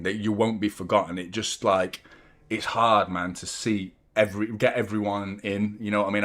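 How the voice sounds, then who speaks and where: A young adult man with a voice on the low side hosts a football watchalong in casual live-stream chat. He rambles, swears freely, reads his viewers' comments aloud, and comes across as drained.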